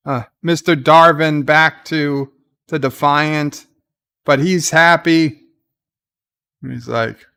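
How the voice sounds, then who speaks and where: Male streamer, slightly high, smooth clear voice, loose rambling commentary, reads chat aloud. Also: fairly bright tone. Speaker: livestream reaction host. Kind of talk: live commentary and chat reading.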